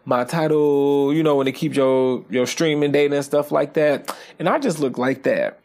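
A podcast host talking casually on their own, animated and profane, often checking in with "okay?". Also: medium pitch, moderate pace. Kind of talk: casual solo podcast monologue.

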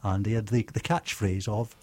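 A man's voice: lowish voice, steady tone, normal speed, darkish tone. A man from the west of Scotland, a studio guest in casual radio chat, talking hesitantly with many fillers and a wry tone.

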